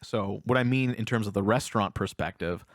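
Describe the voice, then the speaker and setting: Animated man retelling a film. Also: fairly low pitch, brisk, no room sound, studio quality. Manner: animated retelling, acting out characters' lines. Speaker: podcast co-host. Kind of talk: casual film review chat.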